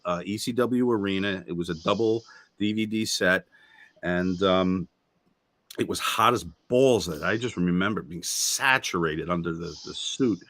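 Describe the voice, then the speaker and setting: A man's voice: lowish voice, a bit bright, dry recording. A man hosting a livestream interview in a joking, casual way, reading viewer comments aloud. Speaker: podcast host.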